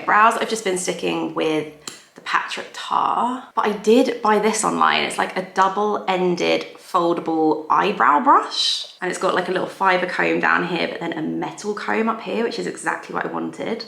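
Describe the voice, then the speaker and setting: A woman's voice: medium pitch, gravelly, fairly bright tone. A woman, chatting casually and giggling as she does her makeup for a get-ready-with-me vlog. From England. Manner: chatty, giggly, self-deprecating. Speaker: beauty vlogger. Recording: echoey room.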